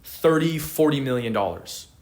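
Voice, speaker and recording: A man's voice: mid-range voice, expressive, normal speed, a little mellow. An eighteen-year-old man, a podcast guest, chatting casually in slang with lots of swearing and fillers. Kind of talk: casual chat.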